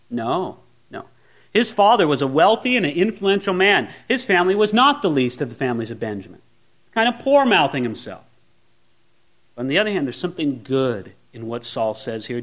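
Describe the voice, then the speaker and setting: A man's voice: a little high, fairly bright tone. A male pastor preaching a sermon, acting out the lines of biblical characters.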